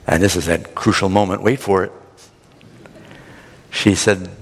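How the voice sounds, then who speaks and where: A man preacher giving a sermon, retelling the story in a dramatic, animated way. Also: fairly high pitch, normal speed. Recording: long hall reverb.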